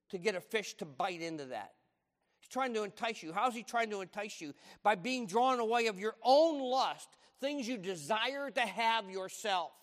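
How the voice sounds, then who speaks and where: An older man preaches with emphasis, driving his points home by repeating them. His voice sits high for a man. A long reverb trails each phrase. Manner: emphatic, repeats key lines, acts out quoted voices. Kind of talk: sermon.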